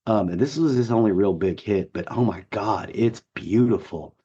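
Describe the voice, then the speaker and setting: A man with a gruff, hoarse voice co-hosting a podcast, chatting enthusiastically with lots of fillers. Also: on the low side, moderate pace, warm tone, lo-fi sound. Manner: enthusiastic, rambling with many fillers. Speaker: podcast co-host. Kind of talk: casual chat.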